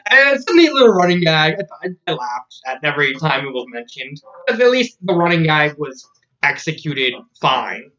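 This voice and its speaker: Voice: mid-range voice, very animated, moderate pace, sharp tone. Rambling fan-fiction reviewer, lo-fi. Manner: rambling, with frequent restarts and laughter. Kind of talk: casual spoken review.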